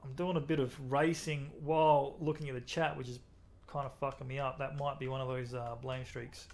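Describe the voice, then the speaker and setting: Talking briskly at a medium pitch, this young Aussie with an Australian accent chats easily with his stream viewers during a racing game. He comes across relaxed and talkative.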